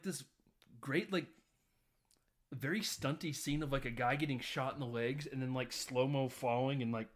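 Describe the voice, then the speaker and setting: A man's voice: medium pitch, a bit bright. Man rambling through a movie recap. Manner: rambling recap with many fillers. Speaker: podcast co-host. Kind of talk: casual film discussion.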